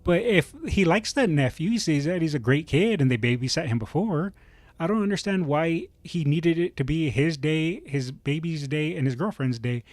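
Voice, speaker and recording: A man's voice: a little high, expressive, normal speed, no room sound. A man streaming, reading online posts aloud and reacting with opinionated, rambling commentary full of fillers and restarts.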